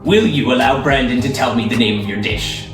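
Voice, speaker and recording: A man's voice: mid-range voice, a little fast, distant mic, lightly acted. A man doing a pirate accent as a game show contestant, repeating back every yes or no answer in stilted talk. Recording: roomy studio sound, mic from afar, music behind.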